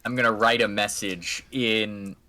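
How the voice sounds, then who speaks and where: A man's voice: fairly low pitch, steady tone, measured pace, bright, forceful tone. A man playing a tabletop game over a call, jokey and upbeat, often stammering and restarting his words. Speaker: player.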